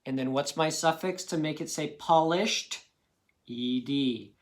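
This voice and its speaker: Guy teaching phonics real slow, breaks words into sounds, patient. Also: fairly high pitch. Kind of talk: phonics lesson for children.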